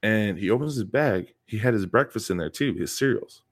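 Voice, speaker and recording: Low-ish guy, coach cohosting a podcast, telling a story casually, repeats stuff for emphasis. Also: animated, normal speed. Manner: emphatic, repeats words for stress. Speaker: podcast co-host, coach and PE teacher.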